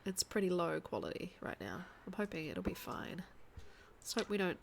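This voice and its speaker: A woman with a soft New Zealand accent, chatting casually on a live game stream, reading chat aloud and thinking out loud as she plays. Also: fairly low pitch, big pitch swings, normal speed, vocal fry, a little hiss or hum.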